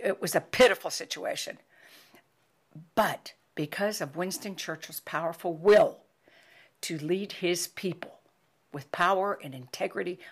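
An older American woman hosting a podcast, speaking in an emotional, pleading monologue that swings from loud emphasis to hushed near-whispers. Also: deep voice. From United States. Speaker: podcast host.

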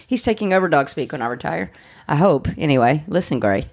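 Low-voiced blunt woman host. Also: animated, fairly quick, gravelly. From United States. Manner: blunt, joking, swears freely. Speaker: podcast host. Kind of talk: casual chat.

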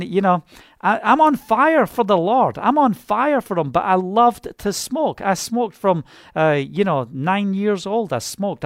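High-voiced fervent preacher man, dry sound. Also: no echo. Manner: fervent, rambling, with many "you know" fillers. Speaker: minister. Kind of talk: personal testimony sermon.

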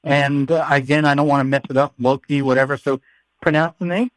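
A man's voice: medium pitch, fairly even intonation, brisk, dry recording. A man hosting a podcast in casual, playful banter, joking and often repeating his words. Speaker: podcast host.

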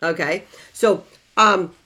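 A woman relationship coach giving an unscripted advice monologue, emphatic, repeating key words and swinging from soft to loud. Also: lowish voice, takes it slowly, slightly rough.

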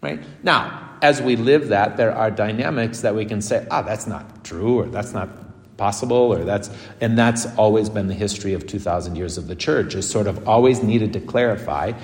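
A man's voice: fairly low pitch, moderate pace. A man, a Catholic priest, giving a casual, chatty homily with laughing asides. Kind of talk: conversational homily. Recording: echoey church with long reverb.

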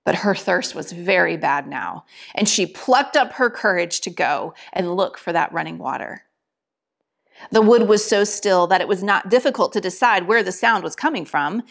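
A woman giving a sermon and reading a story aloud in an expressive storytelling manner. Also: fairly low pitch, moderate pace, gravelly. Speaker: preacher or teacher.

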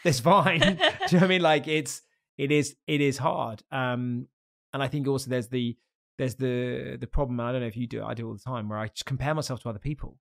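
A man's voice: mid-range voice, steady tone, fast, vocal fry. A man hosting a podcast interview, talking casually and candidly, swearing freely and laughing often. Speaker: podcast host.

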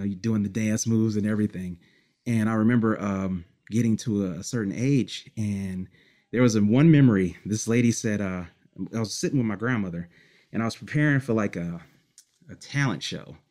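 A man from Detroit, a musician guest, telling childhood memories in a relaxed, rambling interview, with many fillers and short laughs. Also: fairly low pitch, normal speed. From Detroit, United States. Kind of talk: casual storytelling interview.

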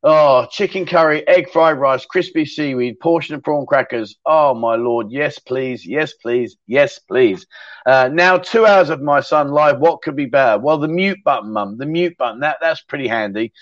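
A man's voice: mid-range voice, normal speed, no room sound. A middle-aged man hosting a casual livestream, chatty and rambling as he reads out viewer comments and laughs easily. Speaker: livestream host. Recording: dull, dry sound.

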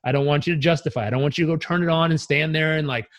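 A man coaching as a podcast guest, telling stories in an energetic, emphatic and casually profane way. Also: fairly high pitch, racing. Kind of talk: podcast interview storytelling.

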